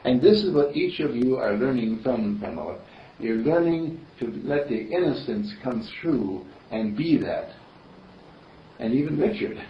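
A man's voice: medium pitch, a little hiss or hum. A man giving a spiritual sermon in a rambling, chuckling, storytelling manner. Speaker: minister. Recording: distant roomy dull recording.

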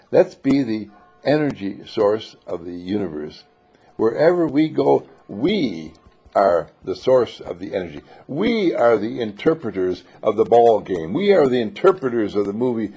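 A man with a dark, mellow voice delivers an inspirational spiritual talk. His delivery is lively, with a husky rasp and a gravelly fry, and he acts out the voices he quotes. The recording sounds dull and lo-fi. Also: on the low side. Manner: laughs between phrases.

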